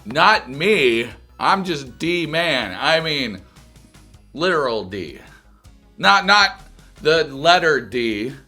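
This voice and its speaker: A man's voice: on the high side, sing-song, slow, sharp tone, soft background music. A man giving crude, profane, joking commentary while reviewing a reality TV show. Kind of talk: comedic reaction commentary.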